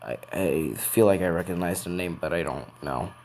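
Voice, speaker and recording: A man playing a big, muscular hero with a hushed, low-key way of talking. The voice is deep and held back. He sounds like he is keeping something to himself. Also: moderate pace, gravelly, a little hiss or hum.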